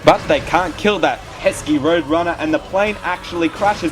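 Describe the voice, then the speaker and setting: A man's voice: on the high side, moderate pace. A young Australian man narrating a comedic film review in a sarcastic, exasperated tone with some swearing.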